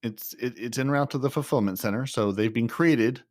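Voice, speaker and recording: A man's voice: mid-range voice, moderate pace, dry recording, studio quality. A man co-hosting a gaming podcast, explaining news in casual chat and often repeating words as he starts a sentence. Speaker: podcast co-host.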